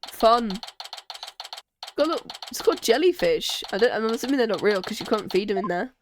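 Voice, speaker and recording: A woman's voice: on the high side, animated, brisk, noisy background. A woman streamer casually chatting while playing a game and reading its dialogue aloud. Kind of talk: casual game playthrough commentary. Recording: music playing behind.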